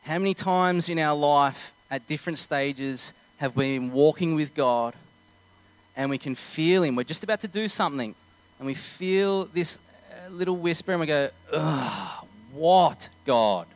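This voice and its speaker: A man's voice: fairly high pitch, moderate pace, no echo, low-quality recording. A young man preaching a sermon in an earnest, conversational way, acting out little scenes as he goes.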